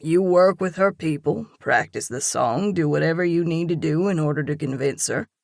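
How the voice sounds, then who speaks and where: A woman reading an audiobook and voicing a grounded young man who talks in a calm, encouraging, lightly teasing way. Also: low voice, normal speed, gravelly, dry recording, studio quality. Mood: coaxing. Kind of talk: audiobook dialogue.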